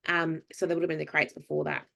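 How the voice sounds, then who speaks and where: Australian woman, podcast co-host, animated anecdote teller, slightly low voice. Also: quick pace, creaky. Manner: animated storyteller, acts out quoted voices, many fillers. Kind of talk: casual storytelling chat.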